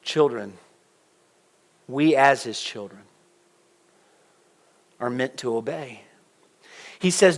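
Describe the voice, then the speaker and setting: A middle-aged man preaching a sermon in a church, conversational and animated, putting questions to the congregation. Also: fairly high pitch, slow pace, long pauses. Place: church sanctuary.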